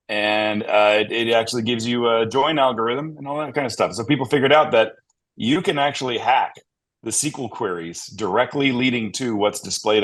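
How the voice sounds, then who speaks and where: A man with a slightly low voice recounts a story with plenty of energy, piling on fillers and quick asides. He sounds like a panel guest talking casually among colleagues. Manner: animated, lots of fillers and asides.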